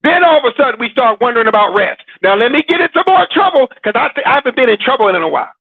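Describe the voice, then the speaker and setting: A man's voice: very high voice, big pitch swings, rapid-fire, creaky, dry recording. Male Christian show host, teasing preacher delivery; dry, tinny phone-quality recording. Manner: teasing and preachy, laughing often, with dramatic repetition. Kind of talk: sermon-like casual talk.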